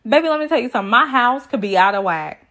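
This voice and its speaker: A woman's voice: fairly high pitch, lively intonation, quick pace, a bit bright. A woman recapping a reality show in a sassy, chatty way, full of slang asides. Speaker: TV recap vlogger.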